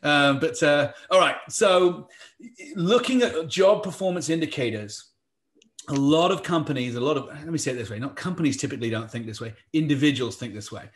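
A man with an English accent giving a fast-paced workshop talk on hiring, with quick joking asides. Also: on the high side, lively intonation. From England. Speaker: workshop presenter. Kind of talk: live virtual workshop talk.

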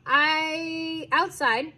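A woman's voice: high-pitched, steady tone, drawn-out words, pushed and bright. A woman teacher reading a children's novel aloud to her class, playful and laughing at her own slips in casual asides.

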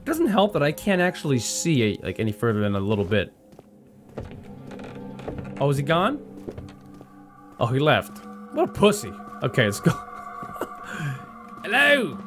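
Jumpy, cursing gaming man with wild pitch swings. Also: huge pitch swings, normal speed, pauses often. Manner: profane and jumpy, with sudden high yelps. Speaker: gaming video host. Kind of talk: let's-play commentary. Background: horror game music.

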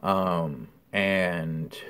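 A man's voice: low voice, drawn-out words, a bit bright, smooth. A man giving a casual, candid recovery update, telling a story with lots of ums and blunt swearing. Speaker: vlogger.

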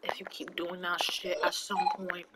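A woman gamer giving live gameplay commentary, excitable and full of swearing and exclamations. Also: lowish voice, normal speed, heavy background noise. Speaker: gamer playing online with a partner.

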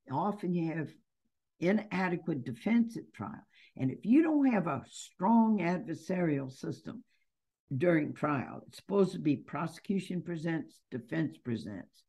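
Her voice is low-pitched, mellow, and slightly rough as the nun and death-penalty opponent answers interview questions. She uses stories to build her points, speaking with earnest emphasis.

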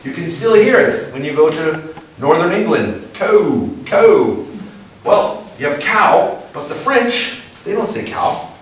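A man giving a playful, lively lecture to an audience, asking them questions and putting on voices. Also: fairly high pitch, a little slow. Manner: animated, playful, puts on voices and asks the crowd questions. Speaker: speaker giving a talk. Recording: echoey room from far off with faint noise.

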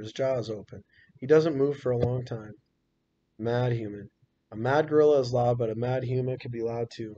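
Man, teacher, novel read aloud, unhurried, lo-fi, faint hiss. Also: medium pitch, warm tone. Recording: dull lo-fi recording.

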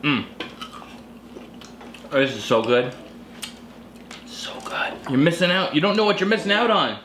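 A man's voice: fairly high pitch, big pitch swings, fast, a bit bright, reverberant, a little hiss or hum. A man hosting a survival vlog, chatting playfully and teasing at a home lunch table, laughing often. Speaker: survival vlogger and channel host. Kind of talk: casual family chat to camera.

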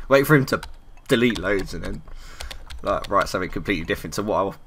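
Low-voiced young man playing through a game. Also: lively intonation, fast, long pauses, a little hiss or hum. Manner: chatty, laughs often, reads messages aloud in a soft voice. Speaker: gaming video host. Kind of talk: blind playthrough commentary, reading chat aloud. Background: keyboard typing clicks.

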